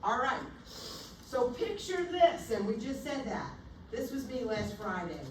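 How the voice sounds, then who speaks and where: A woman teaching a nursing class in a lively, theatrical way, acting out bedside scenarios as she lectures. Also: fairly high pitch, measured pace, distant mic, a little hiss or hum. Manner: animated, theatrical, acts out scenarios. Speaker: nursing instructor. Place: lecture room. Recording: echoey room, recorded from afar.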